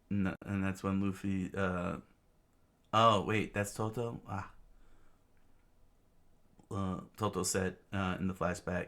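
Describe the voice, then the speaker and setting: Deep-voiced man reading slowly, stumbling. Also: flat delivery, fairly bright tone. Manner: hesitant, with many fillers and self-corrections. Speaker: reader. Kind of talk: casual comic read-aloud.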